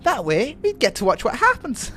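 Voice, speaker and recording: A streamer putting on a British accent to voice a mischievous pixie while reading game dialogue aloud. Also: male voice, extremely high pitch, wildly swooping pitch, moderate pace, pushed and bright, pitched above the performer's own voice, full character voice. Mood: teasing. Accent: put-on British. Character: playful mischievous pixie, high fairy voice.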